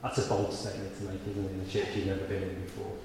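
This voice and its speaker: A man with a low, completely flat voice preaches a sermon very fast, with background noise and faint room ambience underneath. The very echoey church gives his voice a long reverb tail as he talks conversationally, then pushes to sudden emphatic peaks.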